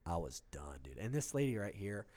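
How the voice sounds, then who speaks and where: Man, low deep voice, animated storyteller, casual chat, retail salesman. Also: moderate pace. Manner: animated storytelling, acts out customer quotes. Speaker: retail phone store salesman. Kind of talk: casual conversation.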